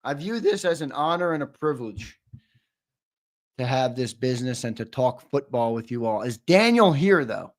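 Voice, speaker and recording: A man hosting a livestream, teasing and swearing in loud, casual banter with his viewers. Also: mid-range voice, expressive, moderate pace. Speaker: host.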